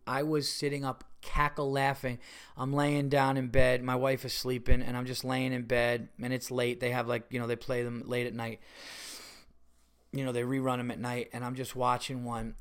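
A man hosting a podcast, telling rambling stories in casual chat. He swears often and gets loud and excitable. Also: medium pitch, smooth. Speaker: podcast host and comedian. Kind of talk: casual storytelling monologue.

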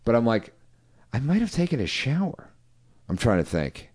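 A man's voice: medium pitch, very animated, moderate pace, a little mellow. A man co-hosting a podcast, ranting in casual, heavily profane banter. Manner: ranting, swears a lot. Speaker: podcast co-host.

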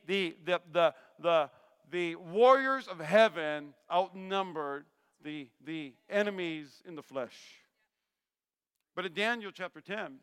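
A male pastor preaching a sermon, animated and joking, acting out Bible characters' lines. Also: high voice, clean tone. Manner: animated, acts out voices of Bible figures, jokey asides. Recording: long hall reverb.

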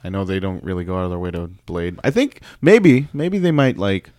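A man's voice: low-pitched, expressive, brisk, darkish tone, no room sound, studio quality. A man co-hosting a podcast, chatting casually and rambling with fillers and laughs. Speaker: podcast co-host. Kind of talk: casual wrestling recap chat.

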